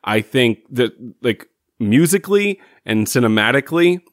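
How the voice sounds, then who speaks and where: A very animated man co-hosts a podcast, chatting casually and wryly about a TV episode and laughing often. He talks at normal speed with a medium pitch, and the studio-quality recording has no echo.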